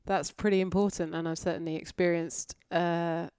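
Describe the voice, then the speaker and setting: A woman's voice: fairly low pitch, level tone, normal speed, a little mellow, clean tone, no room sound, studio quality. A woman in her forties from North Yorkshire, candidly reflecting on her life as a podcast guest. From North Yorkshire, England. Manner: reflective, candid, many fillers and restarts. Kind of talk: conversational interview.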